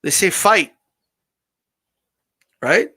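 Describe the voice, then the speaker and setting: A man hosting a live stream, giving an animated, casual rant full of restarts and the odd swear. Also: high-pitched, drawn-out words, breathy edge. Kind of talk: casual ranting commentary.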